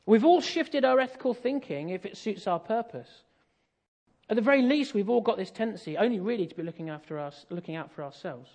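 A man's voice: high-pitched, expressive, brisk, darkish tone. An English man preaching a sermon, telling a family story in a conversational way with self-deprecating humour.

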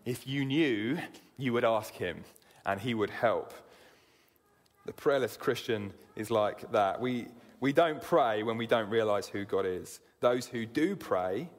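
A male preacher delivers an earnest sermon, repeating his first words before pressing on. His voice sits at an ordinary pitch for a man. The sound rings with the long reverb of a church hall. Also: lively intonation, measured pace. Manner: earnest, repeats words while starting sentences.

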